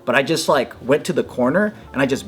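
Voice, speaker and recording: A man telling a story in casual chat, animated, swearing freely and acting out quotes in a raised voice. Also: quick pace, faint music behind. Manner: animated, swears a lot, acts out quotes in a higher voice. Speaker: podcast guest.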